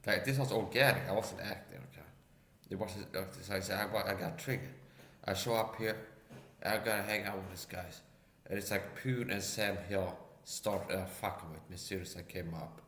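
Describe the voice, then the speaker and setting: Low, forceful man ranting with a roomy echo. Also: fairly even intonation, normal speed, slight background noise. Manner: keeps tagging lines with "okay?" and "see?". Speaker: livestream guest. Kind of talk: casual rant.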